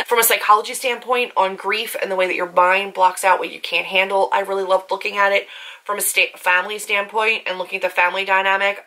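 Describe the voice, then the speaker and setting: A woman's voice: on the low side, bright, forceful tone. A young woman book vlogger chatting casually and emotionally about a novel she reread. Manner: emotional, talks through tears and laughter about the book; chatty, fast filler-heavy talk. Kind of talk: casual book review vlog with read-aloud passages.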